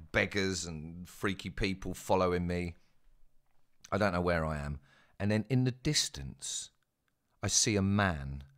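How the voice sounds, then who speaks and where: A man's voice: low voice, fairly bright tone. A young man telling a rambling, casual anecdote with plenty of swearing. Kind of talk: casual storytelling.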